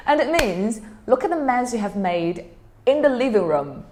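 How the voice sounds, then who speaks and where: A woman's voice: on the high side, very animated, moderate pace, a little mellow, a little hiss or hum. A woman from China, a language teacher who explains phrases to learners and acts them out with exaggerated annoyed intonation.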